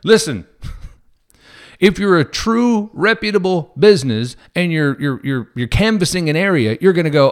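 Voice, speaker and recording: A man's voice: a little high, unhurried. A man who is a police officer, telling a story to viewers in a casual way and acting out the people in it. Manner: animated, acts out quoted people.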